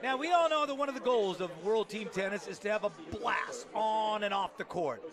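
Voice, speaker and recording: A man's voice: moderate pace, a crowd in the background. A man doing tennis broadcast commentary from an outdoor venue, upbeat and promotional, calling out scores and standings. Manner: upbeat, promotional, shouts out highlights. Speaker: play-by-play commentator.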